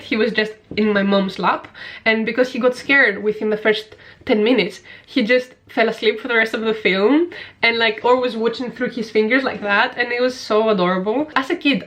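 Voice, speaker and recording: A woman's voice: a little high, a bit bright. A young woman talking in a personal vlog, gushing and getting tearful as she talks about films she loves. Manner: gushing, emotional, tearful at times. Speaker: video essay creator.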